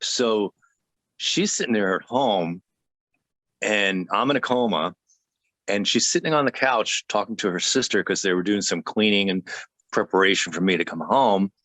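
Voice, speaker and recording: Earnest low-voiced man telling his story. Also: lively intonation, a bit bright, no echo. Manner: earnest, halting, with many restarts. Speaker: guest. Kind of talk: telling a personal faith story.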